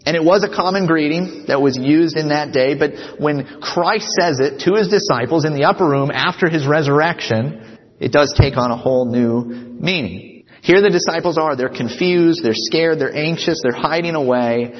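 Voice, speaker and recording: A man's voice: a little high, normal speed. A man preaching a sermon as a pastor. He speaks earnestly and keeps checking in with the congregation by asking "right?". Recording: dull sound with long reverb of a hall.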